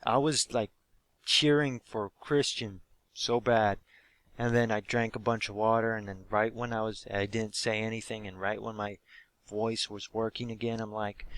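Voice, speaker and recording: Hoarse young man telling a rowdy story. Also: fairly low pitch, normal speed, dry recording. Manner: animated storytelling, swears freely, acts out quotes. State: hoarse throat. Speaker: wrestling fan reviewing a live show. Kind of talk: casual excited recap.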